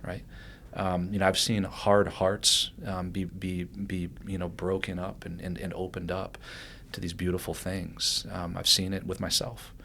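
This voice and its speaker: A man with a very low voice tells a long personal story on a podcast. He rambles, restarts his sentences and fills the gaps. A faint rumble sits under the recording. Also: measured pace, creaky. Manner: animated, rambling with restarts and fillers. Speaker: guest.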